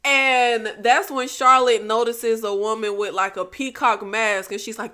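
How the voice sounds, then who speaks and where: A woman casually recapping a TV episode, animated, laughing often and acting out quotes. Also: on the high side, measured pace. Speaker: recap vlogger.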